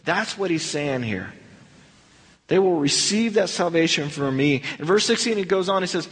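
High husky-voiced man teaching scripture. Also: expressive, moderate pace, in a large hall. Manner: conversational, acts out dialogue in quotes. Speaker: pastor teaching a Bible study. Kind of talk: verse-by-verse Bible study teaching.

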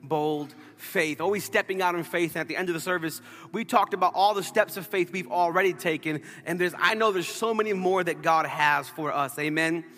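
A man preaching a sermon as pastor, telling a story in an animated, playful way. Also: sits high, a little fast, big-room sound. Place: church sanctuary.

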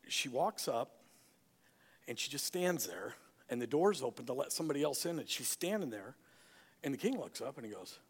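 A man preaching a sermon, an animated storyteller who acts out the characters. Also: mid-range voice, moderate pace, slightly rough, big-room sound. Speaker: pastor.

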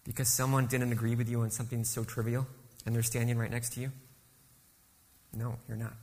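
A man's voice: mid-range voice, flat delivery, brisk, darkish tone, big-room sound. A man preaching a sermon as guest speaker, asking the congregation rhetorical questions and then answering them. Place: church sanctuary.

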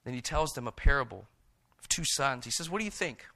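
A man preaching a sermon who reads scripture slowly and hushed, then retells it in lively everyday words. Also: medium pitch, gravelly. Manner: reads scripture in a slow, hushed voice and paraphrases in a lively, animated one.

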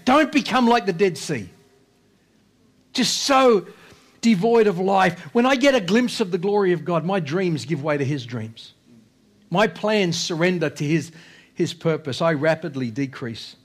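Preaching as a pastor, this man is impassioned and expressive, speaking a little slowly. He repeats phrases and alternates between loud exhortation and quiet, low-voiced lines.

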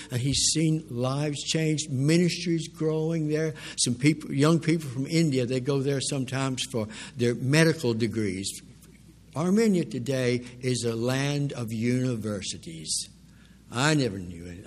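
An older man preaching a sermon, telling mission stories in an earnest, exclaiming way with a husky voice. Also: on the high side. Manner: earnest, animated storytelling with exclamations.

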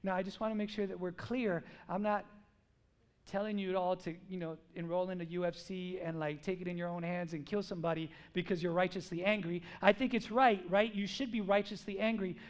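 Very high-voiced man preaching a sermon. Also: steady tone, brisk. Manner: emphatic, asks the crowd questions, acts out quotes.

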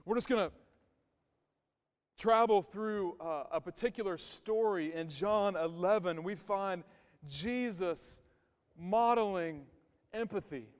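A man's voice: high voice, slow, long pauses, clean tone. A male pastor giving a conversational sermon, emphatic and repeating his key phrases. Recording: long hall reverb.

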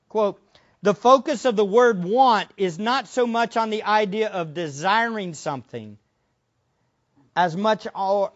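A man preaching a sermon, emphatic, with many rhetorical questions to the congregation and big swings between loud and soft. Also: high voice, muffled recording. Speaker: pastor.

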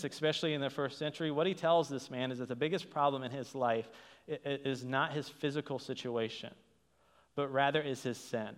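A man preaching a sermon as a pastor, talking in a conversational way with frequent restarts and rhetorical "right?" checks. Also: mid-range voice. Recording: long hall reverb.

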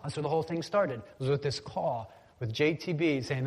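A man's voice: on the high side, brisk, hardly any pauses, a little mellow, a little hiss or hum. Man preaching casually in a reverberant hall. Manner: casual, conversational preaching with call-and-response prompts. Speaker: pastor. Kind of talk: sermon.

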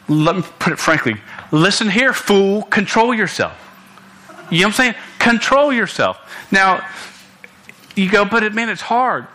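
A man's voice: mid-range voice, sharp tone. A young man preaching a sermon to a congregation in a room, earnest and direct, often stumbling and restarting his words. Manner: earnest, stammering restarts, punchy asides to listeners.

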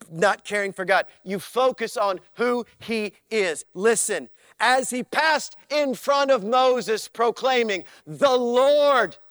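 A man's voice: sits high, a bit bright, dry recording, clean studio sound. A man preaching a sermon in an emphatic, repetitive way, speaking straight to his listeners. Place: church.

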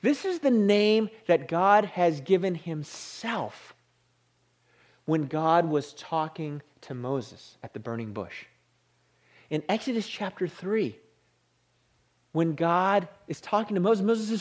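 A man preaching a sermon, animated, sinking into a hushed low voice on the holy words. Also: takes it slowly, long pauses. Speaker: pastor.

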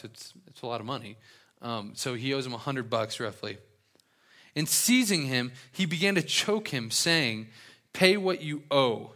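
A man's voice: a little high, fairly bright tone. A young man preaching, reading scripture aloud and breaking into casual, joking asides. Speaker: pastor. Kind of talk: sermon with Bible reading.

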